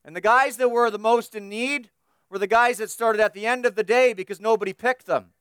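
A man's voice: sits high, a little fast, a bit bright, smooth, dry recording. Male preacher with a resonant voice, dry close sound, builds emphatic repeated lists. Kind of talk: expository sermon.

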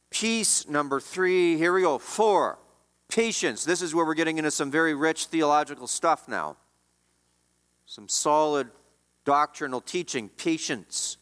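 Man preaching, fairly high voice, emphatic, swings loud and soft, long hall reverb. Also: clean tone. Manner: emphatic preaching, rising and dropping in pitch and volume. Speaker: pastor. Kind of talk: sermon.

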